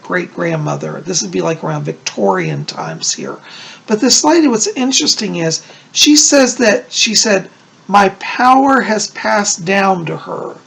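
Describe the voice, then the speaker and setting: A man's voice: high voice, vocal fry, a bit bright, slightly rough. A man working as a psychic medium, doing a casual video reading, chatty and reassuring, often checking in with "okay?".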